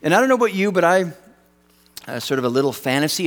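A man preaches with an animated, self-deprecating delivery, acting out the voices of those he quotes. His voice sits a little high for a man. It rings with the long reverb of a large hall. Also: fast talker. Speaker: pastor. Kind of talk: sermon.

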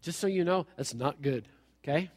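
A male pastor preaching a sermon in a lively, conversational way with playful asides. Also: fairly high pitch, moderate pace. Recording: long hall reverb.

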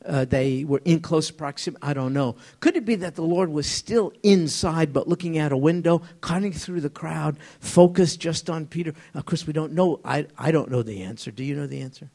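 A man teaching an informal Bible study to a small group, conversational and halting, often asking them questions. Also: fairly high pitch, vocal fry, a little mellow.

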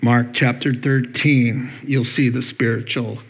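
Middle-aged male pastor, unhurried storytelling sermon, muffled low-fi sound. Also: slightly rough. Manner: animated storytelling, acts out voices with playful humor.

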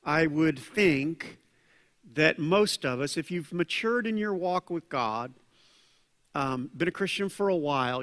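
A man preaching a conversational sermon as pastor, acting out quoted voices with lively asides. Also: a little high. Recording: long hall reverb.

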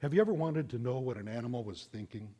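A middle-aged man preaching a sermon, telling a story in an animated, conversational way. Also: mid-range voice, fast talker. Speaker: pastor.

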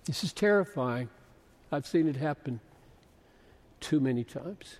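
A man in his seventies preaching a sermon as a pastor, slow and emphatic, rising to loud bursts. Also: a little high, lively intonation. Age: 70s. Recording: long reverb of a large hall.

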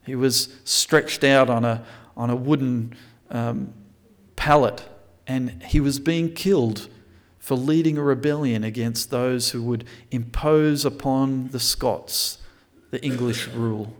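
Speaking slowly in a mid-range voice, a male pastor reads scripture during his sermon and unpacks its meaning. His delivery is full of restarts and self-corrections.

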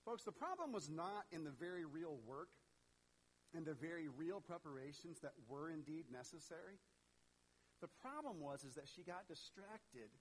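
A man preaching a sermon in an animated, conversational way, talking straight to his congregation. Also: a little high, normal speed, breathy edge, poor audio. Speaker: pastor.

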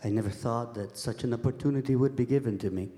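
A man's voice: medium pitch, fast talker, warm tone. A man interpreting a pastor's words phrase by phrase. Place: large church sanctuary. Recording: echoey church hall.

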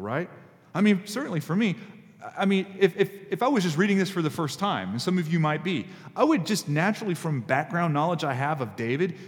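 A male pastor preaching a sermon in a conversational, emphatic way, his pitch jumping up suddenly for stress. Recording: reverberant hall.

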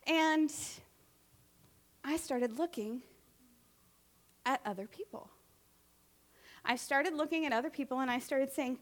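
A woman preaching a sermon in a conversational, animated way, often asking the congregation questions. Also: sits high, a little slow, long pauses.

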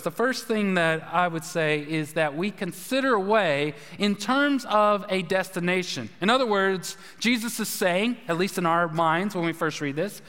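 This man's voice sits high and has a fairly bright tone. As pastor, he preaches casually in the church sanctuary, often quizzing the congregation, and the recording carries long hall reverb.

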